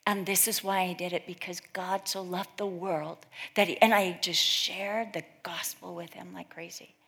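A woman's voice: on the low side, flat delivery, normal speed, gravelly, fairly bright tone. A middle-aged woman from California giving an informal talk to a women's Bible study, chatty and full of anecdotes where she acts out what other people said. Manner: chatty storytelling, acts out quoted voices.

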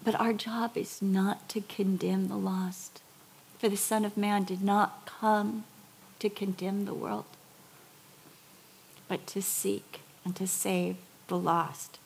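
A woman preaching a sermon, telling a personal story with lively acted-out quotes and soft whispered emphasis. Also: mid-range voice, slow, gravelly, slight background noise.

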